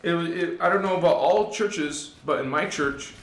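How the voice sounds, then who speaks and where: Guy doing a live spiritual talk, kinda high voice, preachy and emphatic, echoey room. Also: moderate pace, a little hiss or hum. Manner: emphatic, swings from hushed to loud; preachy, addresses listeners directly. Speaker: spiritual channel host.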